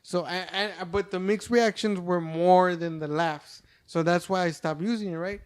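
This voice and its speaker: A man's voice: high-pitched, fairly even intonation, moderate pace, slight background noise. A man, a stand-up comedian, in casual podcast chat, rambling with frequent swearing and stammered restarts.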